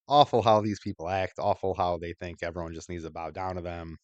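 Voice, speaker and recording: Blunt low-voiced male podcast host. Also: moderate pace, no echo. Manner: blunt, opinionated, crude. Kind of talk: casual commentary over clips.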